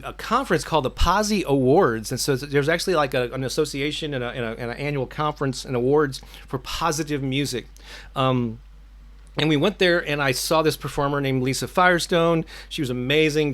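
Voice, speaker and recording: A middle-aged man hosting his own channel, chatting casually on a live stream with many fillers and restarts. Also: medium pitch. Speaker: affirmation channel host.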